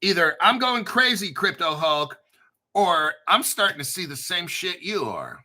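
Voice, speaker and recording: A man hosting a crypto commentary stream, talking sarcastically with dramatic asides and frequent throat clearing. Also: high-pitched, sing-song, unhurried, sharp tone, rough recording. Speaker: crypto channel host.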